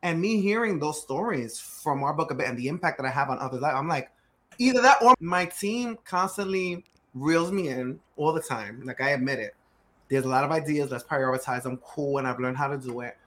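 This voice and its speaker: A man who runs a growth firm for startups, telling stories on a podcast with lively energy, acting out quotes and hammering key words through repetition. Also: fairly high pitch, brisk, a little hiss or hum. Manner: animated storyteller acting out quotes; emphatic, repeats key words. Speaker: startup growth CEO guest. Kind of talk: podcast interview conversation.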